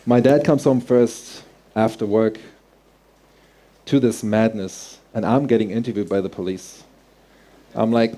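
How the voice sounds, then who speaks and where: A man's voice: lowish voice, steady tone, a little slow, pauses often, dark tone. A man telling a personal story on stage, earnest and heartfelt, in vivid present tense. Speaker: speaker.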